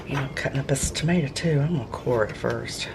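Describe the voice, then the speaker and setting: Very low-voiced woman cooking. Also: fast, background noise. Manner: chatty, folksy, gushes over food. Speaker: home cooking vlogger. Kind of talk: casual cooking chat to camera. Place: home kitchen. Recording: kitchen clatter of pots and dishes.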